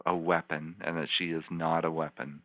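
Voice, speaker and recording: A man, a healing practitioner, leading a volunteer through slow guided imagery with soft, repetitive, soothing coaching. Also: rumbling low, flat delivery, dry recording. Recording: dull lo-fi teleconference line.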